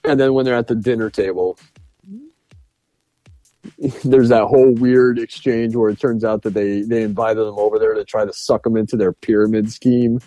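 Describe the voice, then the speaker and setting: A man with a lowish, mellow voice chats casually on a podcast, retelling film scenes in a rambling way full of "uh" and "like". The sound is dry and close, with faint music underneath. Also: fairly even intonation, moderate pace, no room sound. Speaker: podcast co-host. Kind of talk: casual film review chat.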